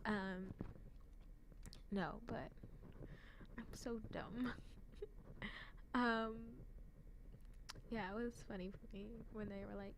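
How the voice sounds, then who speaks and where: A woman's voice: mid-range voice, fairly even intonation, unhurried, long pauses, a little mellow, a little hiss or hum. Giggly rambling young woman. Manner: giggly, rambling, lots of "like" fillers, self-deprecating. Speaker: anime fan vlogger. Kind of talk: casual rambling chat.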